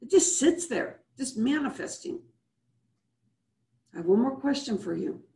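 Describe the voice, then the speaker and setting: A woman's voice: a little high, very animated, unhurried, vocal fry, mellow, reverberant. A woman hosting a live video-call show as a business coach, leading listeners through breathing and asking repeated rhetorical questions. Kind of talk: motivational show wrap-up with guided breathing.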